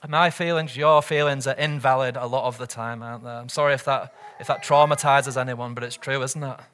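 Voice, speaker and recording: Bright-voiced male pastor preaching. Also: medium pitch, steady tone, brisk, a little hiss or hum. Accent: British or Commonwealth English. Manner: earnest, asks the congregation rhetorical questions. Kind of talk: sermon.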